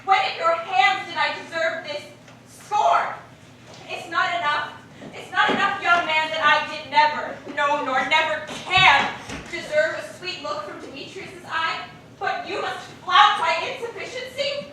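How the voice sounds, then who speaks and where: A woman's voice: extremely high pitch, a little slow, sharp tone, full character voice. A woman playing a lovesick young woman on stage, speaking earnest verse in a distant, echoey, noisy recording. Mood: indignant. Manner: earnest verse, rising to indignant outbursts. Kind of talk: stage play acting.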